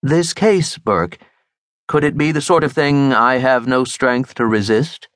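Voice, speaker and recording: A man's voice: medium pitch, a little slow, a bit bright, no room sound, studio quality, pitched above the performer's own voice, natural voice. A male audiobook narrator voicing a witty, curious mystery writer who dabbles in detection.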